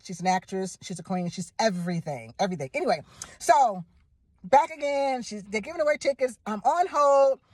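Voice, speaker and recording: A woman excitedly telling a personal story to camera, gushing and repeating phrases for emphasis. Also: a little high, normal speed, dry recording.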